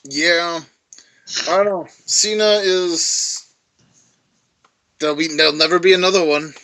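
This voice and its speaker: A man co-hosting a podcast in casual chat, blunt, sarcastic and quick to swear. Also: on the high side, steady tone, sharp tone. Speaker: podcast co-host.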